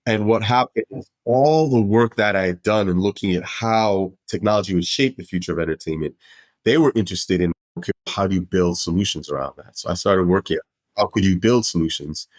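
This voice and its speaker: A middle-aged man from Brooklyn, a podcast guest telling his career story in an animated, expansive way with frequent restarts. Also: on the low side, fairly quick, no room sound. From Brooklyn, New York. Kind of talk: casual storytelling interview.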